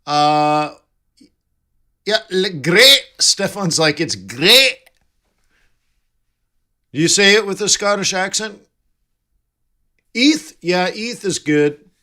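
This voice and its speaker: On his live trading stream, a man speaks slowly in a high, sharp voice. He keeps things chatty and jokey, reading viewers' comments aloud and replying to them.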